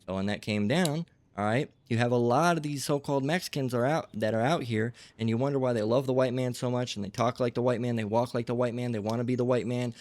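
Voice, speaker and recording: Speaking fast in a mid-range voice with a darkish tone, a man delivers a meandering religious lecture with no echo. As a religious teacher, he punctuates his points with "okay?" and "all right?".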